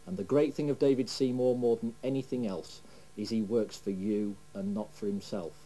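A man's voice: on the low side, fairly even intonation, moderate pace, warm tone, low-quality recording. A man with a Yorkshire accent giving an earnest, emphatic farewell tribute to his boss. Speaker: BBC executive giving a tribute.

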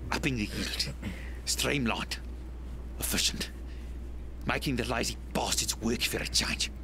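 A man's voice: mid-range voice, unhurried, noisy background, close to an everyday voice. An actor playing a man losing his mind, muttering in broken half-whispered phrases. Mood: muttering, unhinged.

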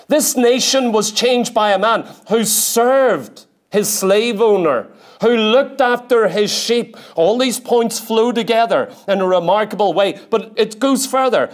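A man preaching a sermon in a church, emphatic, repeating key phrases and slowing down to read scripture. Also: high-pitched.

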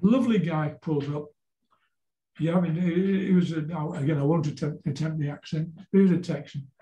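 A man's voice: on the high side, fairly even intonation, normal speed, dark tone, roomy sound. A man in his seventies with a Yorkshire accent, a folk singer being interviewed, telling rambling anecdotes and often repeating words as he goes. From Yorkshire, England. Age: 70s. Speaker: guest folk singer-songwriter. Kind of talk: casual interview storytelling.

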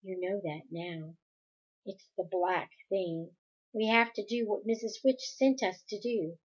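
A woman reading aloud and voicing a calm, loyal teenage boy. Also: mid-range voice, a little slow, slightly rough, muffled recording. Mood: steady.

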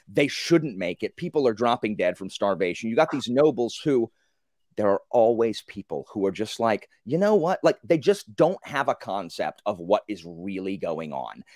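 A man in a casual group book discussion, telling the story with animated, acted-out reactions and many fillers. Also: lowish voice, dry recording, clean studio sound.

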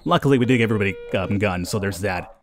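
A young man casually commentating a game, chatty and quick to laugh. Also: on the low side, over music. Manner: chatty, laughs at callers, talks to units. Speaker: let's play host.

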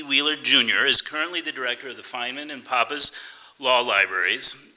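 A man presenting an award, reading out a formal introduction at a steady pace with filler pauses. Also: mid-range voice, poor audio.

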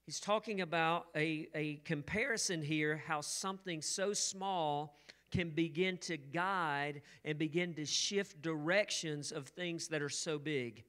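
A man's voice: on the high side, a little slow, fairly bright tone, clear, resonant tone. A man preaching a sermon, opening with an earnest prayer and then teaching through a scripture passage with repeated phrases. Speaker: pastor. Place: church service streamed online.

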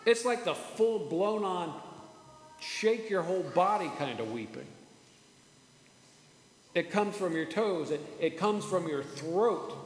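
Earnest pastor in an echoey church. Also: male voice, sits high, animated, slight background noise. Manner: earnest, repeats words, slows for emphasis. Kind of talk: sermon. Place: church sanctuary. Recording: echoey church hall with faint ambience.

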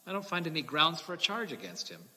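A stern Roman governor presses his prisoner with sharp questions, read aloud by a man. The pitch rises and falls freely, and a long church reverb trails each phrase. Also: very animated, quick pace, heavily acted.

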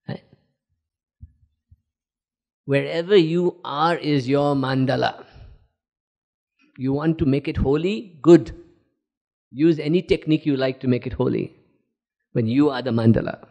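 A man, a spiritual teacher, giving a lively talk and taking questions, laughing and acting out inner voices as he explains. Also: mid-range voice, measured pace, gravelly, pauses often.

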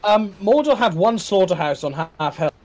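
An eager man co-commentates a strategy game live, his voice pitched on the high side. He gets excited at the fights and corrects himself mid-sentence. A faint hiss sits under the audio. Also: normal speed. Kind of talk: casual live-stream match commentary.

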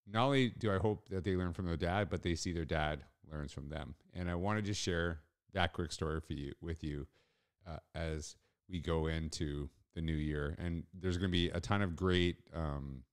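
Deep-voiced man hosting a solo podcast. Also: normal speed, clear, resonant tone. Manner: earnest, reflective storytelling. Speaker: podcast host.

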